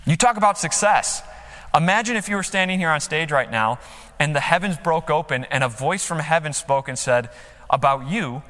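This pastor's sermon from the church stage is emphatic, with quotes dramatized through big swings up and down. His fairly high, animated voice is fairly bright and moves at a moderate pace. Long hall reverb fills the recording.

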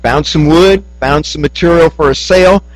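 A man with a fairly high voice preaches a sermon and tells his story in rises and hushed drops. The sound is dry and close, with a faint electrical hum behind him. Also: moderate pace, no echo, poor audio.

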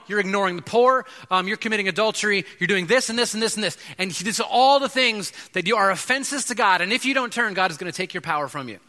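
A man preaching a sermon in an animated way, acting out quoted voices, with frequent fillers and restarts. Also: high-pitched. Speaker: pastor. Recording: long hall reverb.

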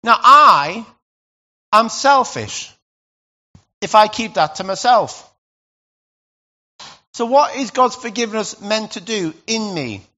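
A man preaching a sermon as pastor, conversational and animated, with sudden loud bursts. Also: sits high, slow, long pauses, dull audio.

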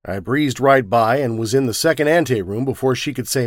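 A man narrating a first-person story with a wisecracking, lively storytelling manner. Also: medium pitch, a little fast, no echo, studio quality.

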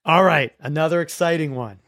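A man's voice: a little high, a little fast, no room sound, studio quality. Man hosting a school sports recap. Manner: relaxed, with frequent restarts and repeated words. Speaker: host of a school sports show. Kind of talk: casual sports recap chat.

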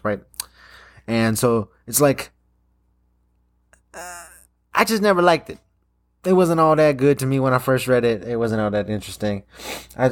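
Young dude rambling on camera, lots of swearing and ums, goes off on tangents. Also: male voice, medium pitch. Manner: rambling, swears a lot, many fillers and restarts. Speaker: vlogger. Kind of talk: casual rambling monologue.

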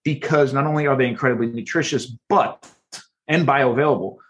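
A man's voice: mid-range voice, fairly quick, lo-fi sound. A man being interviewed as a guest author, explaining with energy and frequent restarts. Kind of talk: podcast interview.

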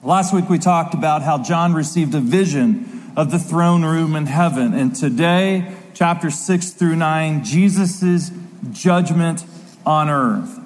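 High-voiced preacher in a reverberant hall. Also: male voice. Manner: dramatic reading with slow emphatic stresses. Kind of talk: sermon. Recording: long reverb of a large hall.

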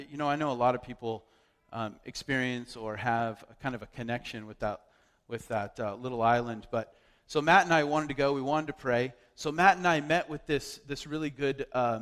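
A man's voice: mid-range voice, a little fast, a bit bright. A man telling a personal story as a sermon, chatty, with lots of fillers and restarts. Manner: conversational, loose with fillers and restarts. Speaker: preacher. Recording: long hall reverb.

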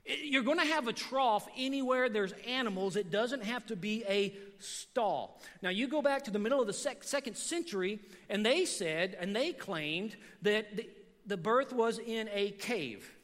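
A pastor preaching a sermon in a church, telling a long story in a lively, conversational way and often calling his listeners "man". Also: high voice, normal speed. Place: church sanctuary. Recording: church hall reverb.

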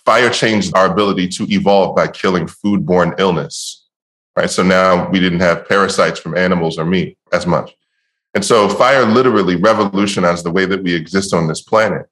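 A man telling stories in a casual podcast chat, animated and laughing often, speaking from home over a call. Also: low voice, normal speed. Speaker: podcast guest, empowerment coach. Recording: roomy echo.

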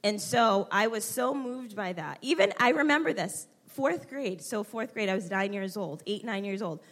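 A young woman speaking at a church gathering, heartfelt and halting as she fights back tears. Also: medium pitch, animated, fairly bright tone. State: close to tears. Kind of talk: emotional tribute at a church women's gathering.

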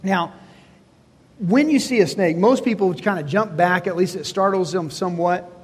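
A man preaching a sermon with a fairly high, husky voice, which rings out in a reverberant hall. He talks in a conversational way, putting questions to the congregation and acting out bits of dialogue from the story. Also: moderate pace. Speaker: pastor. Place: church hall before a congregation.

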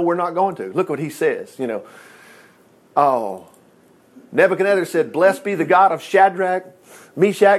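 A man in his fifties preaching a conversational, animated sermon and acting out the quotes he reads. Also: a little high. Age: 50s.

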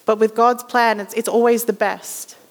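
A woman's voice: fairly high pitch, steady tone, moderate pace. A woman giving a conversational sermon, acting out little voices as she tells stories. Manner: conversational storytelling, acts out voices. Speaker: guest preacher. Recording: reverberant hall.

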